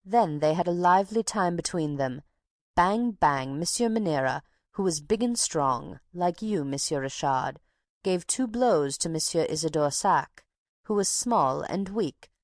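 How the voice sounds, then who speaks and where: A woman's voice: lowish voice, darkish tone, dry recording, studio quality. A woman reading an audiobook, voicing a talkative older woman box-keeper who tells her tale with drama and takes offence easily. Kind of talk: audiobook character voice.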